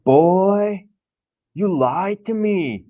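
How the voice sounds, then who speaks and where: A man's voice: sits high, animated, drawn-out words, voice pushed up, heavily acted. A man doing the voice of a suspicious, angry rural Texan dad with a gun, in a dull lo-fi recording. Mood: accusing. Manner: suspicious, accusing.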